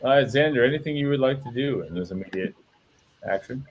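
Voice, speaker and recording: A man narrating as game master in a tabletop game, relaxed and descriptive with some fillers. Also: medium pitch, quick pace, husky, dull audio.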